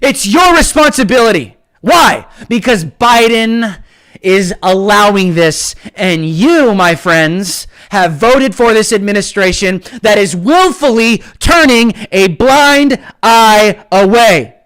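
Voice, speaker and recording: A man hosting his own live stream and delivering a fired-up political rant. His voice sits very high for a man, and he often shouts and jeers at the viewers he is addressing. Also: expressive, takes it slowly, clean tone.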